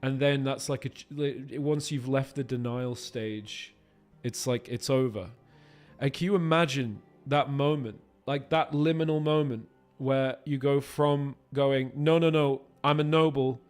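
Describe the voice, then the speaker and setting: A man's voice: medium pitch, fairly even intonation, unhurried, darkish tone, faint music behind. A man, a voice actor, chatting casually with his stream viewers while playing a game, swearing freely as he answers their questions.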